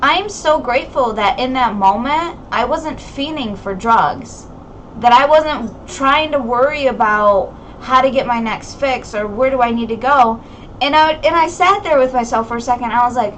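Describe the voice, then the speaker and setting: A young woman hosts a casual podcast chat in a slightly high voice. She speaks candidly and emotionally, swearing freely and leaning on fillers. A faint hiss sits under the recording. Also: fairly bright tone, rough recording. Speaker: podcast host.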